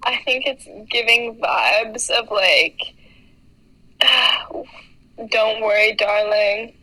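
Young woman podcasting, bright higher voice, lots of "like", super animated. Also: extremely slow, rough recording. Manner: animated, heavy filler "like", laughs between points. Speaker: podcast co-host. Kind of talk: casual chat.

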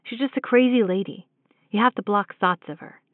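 A woman's voice: medium pitch, a little fast, no echo, lightly acted. A woman voicing a loving, protective husband speaking over the phone. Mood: soothing. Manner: soothing, protective. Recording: tinny phone line.

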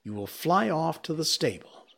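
A man's voice: a little high, sing-song, moderate pace, creaky, fairly bright tone, slightly rough, pitched above the performer's own voice, exaggerated voice. A man voicing a brave young male mongoose who speaks in urgent, clipped, impatient lines, read aloud as a storybook character.

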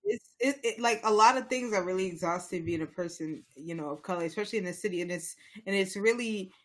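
A man's voice: high-pitched, fast talker. A young man co-hosting a casual talk show, speaking with passion, rambling and often restarting. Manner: impassioned, rambling, many restarts. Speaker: podcast co-host. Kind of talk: casual chat.

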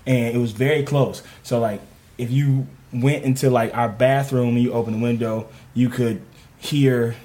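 A man telling a funny story on a comedy podcast in casual chat, animated and laughing as he acts out loud voices. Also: medium pitch, moderate pace. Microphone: studio podcast mic.

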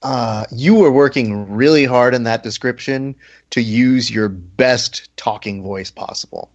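A man's voice: medium pitch, measured pace, muffled recording. A man co-hosting a podcast in a playful, teasing and theatrical way. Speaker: podcast co-host. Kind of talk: casual chat.

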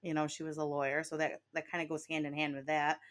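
A woman's voice: low voice, level tone, fast. A woman with an Inland Northern American accent co-hosting a podcast, chatty and enthusiastic, often laughing. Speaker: podcast co-host. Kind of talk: casual chat about a TV show.

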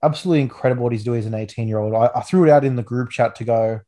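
A man's voice: medium pitch, very fast, warm tone. A man in his twenties with an Australian accent, hosting a casual rugby league chat with enthusiastic, rambling talk full of restarts. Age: 20s. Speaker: podcast host.

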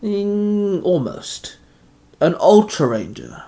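A man's voice: high voice, big pitch swings, takes it slowly, mellow, voice pushed up, full character voice. A man doing a cackling Duke Orc monster. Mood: lofty.

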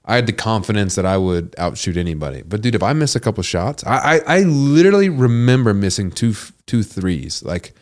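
A man in his thirties hosting a podcast interview, telling stories in a loose, animated way, full of "dude" and "like". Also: lowish voice, a little fast, hardly any pauses. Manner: animated storytelling, says "dude" and "like" a lot. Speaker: podcast host. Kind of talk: casual conversational interview.

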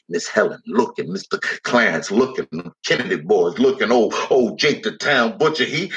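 A man's voice: fairly low pitch, a bit bright. A man telling a dramatic first-person story in heavy dialect, slipping into the voices of the people in it. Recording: dull lo-fi recording.

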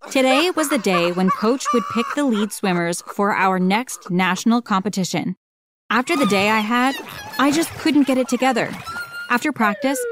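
A woman reading a first-person story aloud as a storyteller, in an expressive, dramatic way. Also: on the high side, background noise. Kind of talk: scripted first-person narration.

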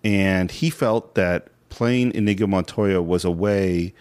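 A man's voice: sits low, takes it slowly, darkish tone, no room sound. A man co-hosting a film podcast in casual chat, retelling scenes in detail. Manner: detailed storyteller who acts out quoted lines.

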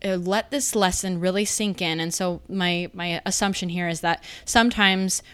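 A woman with a low, smooth, resonant voice talks reflectively as a podcast host. She offers soft murmurs while she listens. The room sound is dry and close. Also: fairly even intonation, normal speed, dry recording. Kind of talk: casual podcast conversation.

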